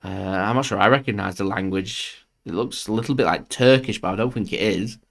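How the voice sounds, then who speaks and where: A man's voice: on the low side, fairly quick, gravelly. A young man hosting a live football watchalong, chatting casually and joking as he follows the match. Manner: chatty, jokey, laughs often, swears. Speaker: fan channel host doing live match commentary.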